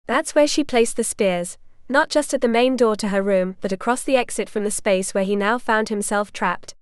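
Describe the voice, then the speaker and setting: Woman, audiobook narration, measured, fairly high voice, smooth, dry close sound. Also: a little mellow, no room sound. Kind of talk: scripted narration.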